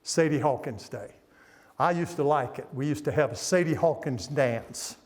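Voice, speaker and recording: Older man, guest preacher, folksy and storytelling, slightly high voice, big church reverb. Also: normal speed. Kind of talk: sermon. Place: church sanctuary.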